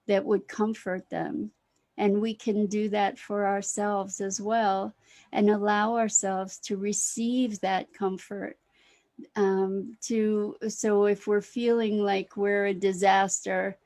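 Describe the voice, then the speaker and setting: A woman hosting a live talk, speaking gently and unhurriedly about comforting oneself, often pausing and restarting her sentences. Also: mid-range voice. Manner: warmly greets viewers by name. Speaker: host. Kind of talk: slow reflective talk on self-comfort.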